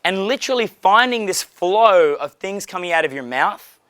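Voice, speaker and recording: Man in his thirties, dating coach, profane and animated, fairly high voice, dry sound. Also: normal speed, clear, resonant tone, dry recording. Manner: profane, animated, acts out dialogues. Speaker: pickup coach. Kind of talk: casual coaching talk.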